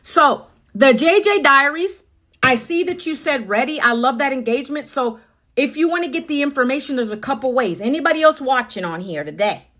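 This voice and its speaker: A woman's voice: high voice, lively intonation, a little fast, a bit bright. A middle-aged woman hosting a casual livestream, chatty and upbeat, talking straight to her viewers on her phone. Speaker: livestream host.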